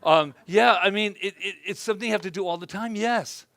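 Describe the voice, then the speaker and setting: A man preaching an informal sermon to a congregation, conversational and joking, who softly acts out his own self-talk. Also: sits high, fairly quick, no echo. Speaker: minister. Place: spiritual center gathering before a congregation.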